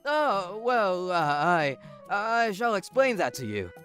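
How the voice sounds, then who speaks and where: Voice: mid-range voice, big pitch swings, slow pace, a bit bright, soft background music. A voice actor playing an evasive, flustered cheating husband who stammers through excuses.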